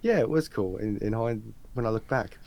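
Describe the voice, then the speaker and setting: A man's voice: fairly low pitch, expressive, moderate pace, vocal fry, darkish tone. An Australian man interviewing a guest, telling anecdotes in a chatty, slangy way. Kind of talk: casual chat.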